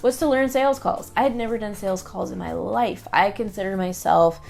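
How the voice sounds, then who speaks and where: A woman's voice: medium pitch, fairly quick, gravelly, a little mellow, soft background music. A woman talking to camera in a casual vlog, chatty and upbeat, with lots of fillers and quoted asides. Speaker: online business creator.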